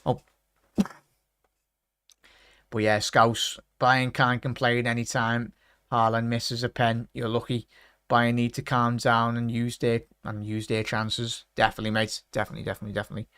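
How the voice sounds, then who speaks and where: A man's voice: medium pitch, monotone, moderate pace, a bit bright, clean tone, no echo, clean studio sound. Chatty man hosting a football livestream. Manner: chatty, greets viewers with "big up" and "mate". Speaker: watchalong livestream host. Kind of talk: casual live chat reading comments.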